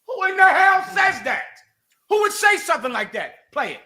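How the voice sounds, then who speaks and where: Loud, mocking high-voiced man. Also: big pitch swings, normal speed. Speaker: host. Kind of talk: heated live radio commentary.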